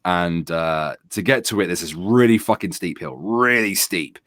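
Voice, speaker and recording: A British man in his thirties, co-hosting a stream and telling a rowdy story in casual chat, swearing freely and acting out his own shouting. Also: sits low, moderate pace, no room sound, studio quality. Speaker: streamer and co-host.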